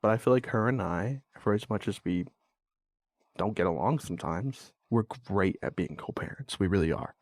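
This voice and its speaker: The speaker is a young podcast host whose fairly low voice moves at a moderate pace as he vents about co-parenting. He is blunt, swears freely and gets exasperated in this candid monologue, captured cleanly in a studio with no echo.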